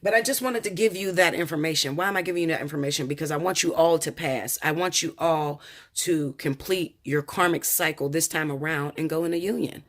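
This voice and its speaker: A woman's voice: deep voice, fairly quick. Blunt, profane American woman reader. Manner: blunt, profane, emphatic, repeats "okay?". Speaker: tarot reader. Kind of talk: casual personal storytelling to viewers.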